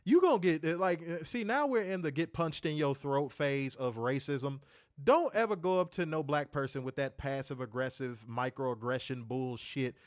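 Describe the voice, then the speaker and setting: A man co-hosting a casual wrestling chat, joking, slangy and animated. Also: a little high, moderate pace, no echo, studio quality. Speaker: podcast co-host.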